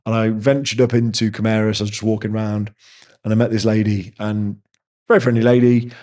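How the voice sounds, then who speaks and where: Chatty, mellow-voiced man. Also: on the low side, flat delivery, brisk. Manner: rambling, chatty storyteller. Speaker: host answering viewer chat. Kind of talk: casual live chat.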